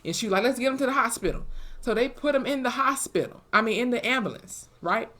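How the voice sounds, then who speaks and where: A young woman, recapping a TV episode in an animated, profane way and acting out the characters' lines. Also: fairly high pitch, fast. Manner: animated, profane storytelling with acted-out quotes. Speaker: TV episode reviewer. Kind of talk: casual recap vlog.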